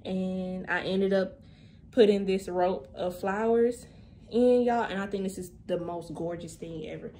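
A woman's voice: medium pitch, a little slow, mellow. Breathless young woman vlogging, echoey room. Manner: chatty, addresses viewers as "y'all", many fillers. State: slightly out of breath. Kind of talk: casual vlog chat. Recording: echoey room, faint background noise.

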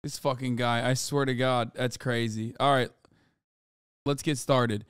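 A man's voice: medium pitch, steady tone, measured pace, fairly bright tone, clear, resonant tone, no room sound, studio quality. A man streaming in casual chat, loose and offhand, swearing freely.

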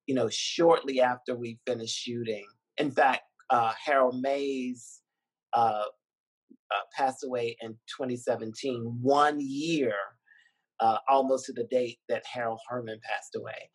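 Husky-voiced man reflecting on video call. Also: medium pitch, steady tone, unhurried, rough recording. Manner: reflective, emotional, with frequent ums and soft laughs. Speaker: documentary filmmaker and university dean. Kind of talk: virtual interview conversation.

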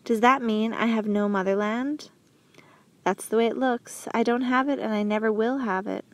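A woman's voice: fairly high pitch, fairly even intonation, normal speed, no echo, lightly acted. A woman voicing an outspoken, earnest male prisoner in an audiobook, blunt and pleading. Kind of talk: audiobook character reading.

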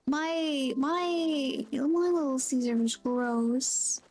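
High-voiced chatty woman streamer. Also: slow pace, few pauses, darkish tone, soft background music. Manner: chatty, reads chat aloud, friendly greetings. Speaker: game streamer. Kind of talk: casual gameplay chat.

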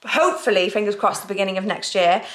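A woman's voice: mid-range voice, fast talker. A woman chatting casually to camera in a home vlog, rambling and giggly. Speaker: vlogger. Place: home indoors. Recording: roomy echo, faint noise.

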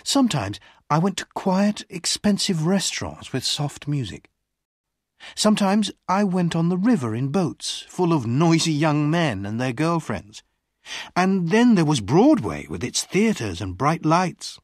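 Lively breathy storybook reader. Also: medium pitch, measured pace, no room sound, clean studio sound. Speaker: audiobook reader. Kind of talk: slow scripted narration for learners.

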